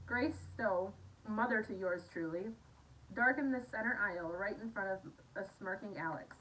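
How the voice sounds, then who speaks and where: A woman's voice: medium pitch, fairly bright tone. A Scottish woman casually reading a novel aloud, with chatty asides and slips over words. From Scotland. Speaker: audiobook reader. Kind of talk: casual amateur audiobook reading. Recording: slightly distant mic, faint noise.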